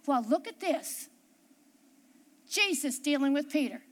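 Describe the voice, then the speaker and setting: A middle-aged woman delivers a sermon with a very high, bright voice. She reads scripture slowly and deliberately, then acts out the voices she quotes with animated emphasis. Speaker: pastor.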